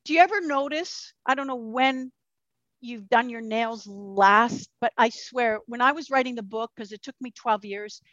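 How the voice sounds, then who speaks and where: A high-pitched woman chats as a podcast guest, lively and loose-tongued, swearing freely and slipping into voices she quotes. The sound is dry and a little dull. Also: normal speed, no echo. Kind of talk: casual interview chat.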